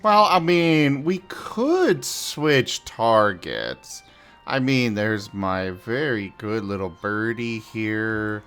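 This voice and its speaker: A man's voice: fairly low pitch, expressive, extremely slow, a bit bright, clear, resonant tone, soft background music. A man hosting a casual gaming stream, bantering playfully and teasing his friends. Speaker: streamer host.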